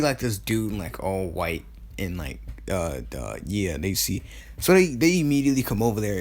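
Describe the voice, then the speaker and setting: A man casually telling a fan-made story, rambling with many fillers, restarts and casual swearing. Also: medium pitch.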